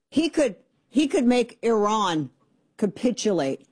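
A middle-aged woman hosting a political talk radio show, sarcastic and exasperated with quick asides. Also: lowish voice, dark tone, no room sound.

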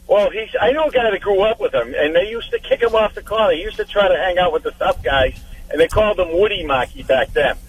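A man's voice: sits high, expressive, a little fast. Gossipy man, off-mic. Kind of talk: casual political chat. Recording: distant mic with faint noise.

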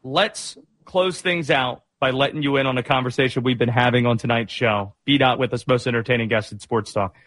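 A man's voice: medium pitch, a little fast, few pauses, fairly bright tone. A man hosting a sports talk show in an easygoing way.

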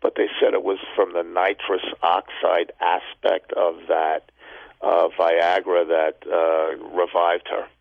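A man's voice: low-pitched, little pitch movement, slow, creaky, no echo. A man calling in to a radio show, talking in a rambling, hesitant way. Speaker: caller. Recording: tinny phone line, dry.

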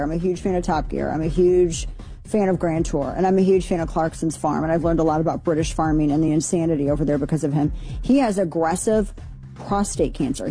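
A woman's voice: fairly low pitch, mellow. A woman hosting a radio talk show, running through news items in a chatty, rambling way, full of fillers and asides. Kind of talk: casual news chat.

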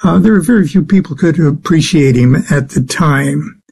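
A man answering interview questions as a guest, speaking haltingly with many filler sounds. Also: on the high side, gravelly, a little mellow, slightly rough. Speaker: guest expert on the occult.

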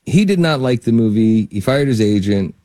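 A man guest-starring in an interview, telling lively anecdotes and laughing through them. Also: medium pitch, normal speed, no room sound, clean studio sound. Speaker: guest actor. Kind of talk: casual interview storytelling.

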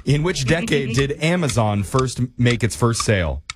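A man hosting a radio quiz segment, playful and jokey, reading the questions out briskly. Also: medium pitch, expressive, noisy background. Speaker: radio show host.

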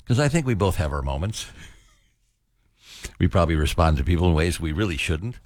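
Deep-voiced, lively morning radio host man. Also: slight background noise. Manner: wry, playful, drawn-out teasing delivery. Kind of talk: casual radio banter. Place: radio studio. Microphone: studio microphone.

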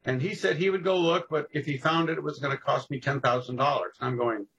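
A man spinning old stories with gusto, leaping into voices and laughing along. His voice is a touch higher than most men's and has a husky edge. He pushes his words out with force. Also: fast talker, a bit bright, lo-fi sound. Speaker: guest storyteller on local history. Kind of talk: casual podcast storytelling.

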